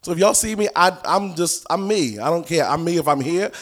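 A man preaching a teaching sermon with a fairly high voice that climbs into shouts and half-sung lines. His speech is folksy and colloquial, full of punchy repetition. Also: lively intonation, fairly quick. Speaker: prophetic ministry teacher.

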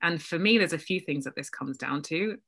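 A woman with a bright, forward voice talks as a guest in a relaxed interview. She is reflective and self-deprecating and often breaks into laughter as she shares her thoughts. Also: low-pitched, fairly quick, creaky, breathy edge. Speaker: guest, business coach. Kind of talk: casual conversational interview.

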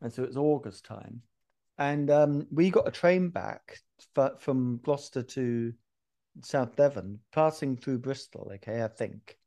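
Casting: male podcast host, gravelly, mellow, animated storyteller. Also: medium pitch, a little slow. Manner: animated storyteller, laughs often. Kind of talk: casual chat.

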